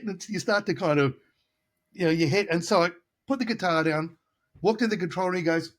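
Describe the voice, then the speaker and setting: A man's voice: sits high, fairly quick. A middle-aged man from Australia, a guitarist telling casual studio anecdotes in an interview, acting out the voices of people he quotes. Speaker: guest guitarist.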